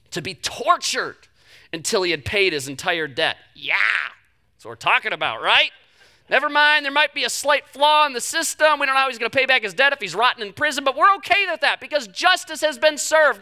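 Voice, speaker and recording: A young man preaching a sermon, telling the story with animated delivery and acting out the quoted voices. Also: very high voice. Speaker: pastor.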